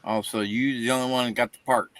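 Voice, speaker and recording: A man's voice: medium pitch, fairly even intonation, quick pace, fairly bright tone. A man hosting a casual livestream panel, drawing guests in and asking questions. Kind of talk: casual chat.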